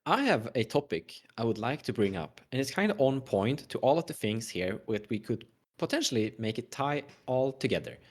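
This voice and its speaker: A man's voice: medium pitch, very animated, moderate pace, hardly any pauses. A man with a Swedish accent in a casual podcast chat, steering the topic and cutting in to explain. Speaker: podcast guest, Commander player.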